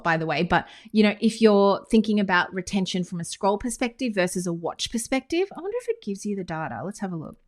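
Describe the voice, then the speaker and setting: An enthusiastic woman with an Australian accent talks straight to camera like a friendly business coach. She explains things in a casual, chatty way, often breaking off into quick asides, and her voice sits at an ordinary middle pitch. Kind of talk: casual teaching monologue to camera. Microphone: screen-recorded talking head with whiteboard.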